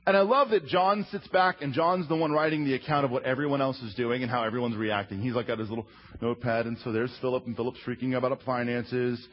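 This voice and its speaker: A man in his thirties, a pastor preaching a sermon with humorous, animated storytelling. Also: mid-range voice, fast, a little hiss or hum. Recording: slightly muffled recording.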